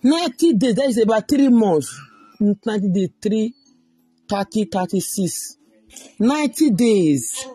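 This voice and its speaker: A Nigerian talk show host mocks and teases loudly in Pidgin, breaking into theatrical shouts. The delivery is slow and drawn out, recorded dry and close with no room sound. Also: mid-range voice, lively intonation, slightly rough, no echo, faint music behind. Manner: mocking, theatrical, loud. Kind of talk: loud mocking commentary in Pidgin.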